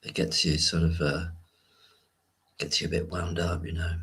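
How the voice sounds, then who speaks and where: A man with a low, husky voice chats loosely on a home livestream. He rambles and restarts his sentences as he greets people in the chat one by one. Recorded on a home computer mic. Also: level tone, normal speed. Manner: rambling, hesitant, greets chat viewers warmly. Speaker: livestream host. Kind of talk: casual live-stream chat.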